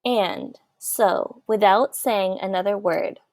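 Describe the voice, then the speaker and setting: Slow, gentle woman reading a storybook. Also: mid-range voice, no room sound, clean studio sound. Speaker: audiobook reader. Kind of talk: storybook narration.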